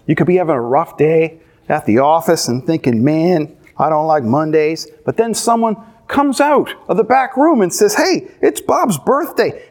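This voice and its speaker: Animated pastor man preaching. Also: sits high. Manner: animated storytelling, playful asides. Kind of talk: sermon.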